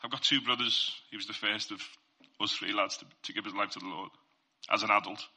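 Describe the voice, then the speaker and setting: A man sharing his Christian testimony in an informal faith talk. His voice sits a little low, but its tone is very bright and cutting. He talks earnestly and conversationally, often turning to the listeners to draw them in. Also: steady tone, brisk, slightly rough.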